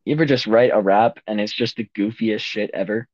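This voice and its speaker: A man's voice: on the low side, a little fast, darkish tone. A man co-hosting a casual podcast, joking around with random bits and silly asides. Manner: jokey, random bits, sings silly tunes. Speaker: podcast co-host. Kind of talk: goofy casual chat. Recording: dull, dry lo-fi sound.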